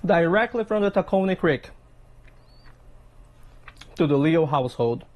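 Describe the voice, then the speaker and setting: A man's voice: a little high, lively intonation, unhurried, dull audio. A man with a Philadelphia accent chatting through a casual cooking vlog in his home kitchen, eating and savoring between lines. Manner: chatty, tags lines with "okay?" and "right?". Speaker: fishing vlogger.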